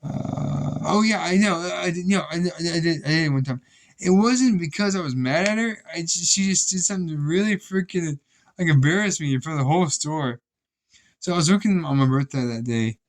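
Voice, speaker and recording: A young man, a vlogger, rambles through profane stories about his old job in casual storytelling mode, restarting often. His voice sits on the high side and moves a little fast.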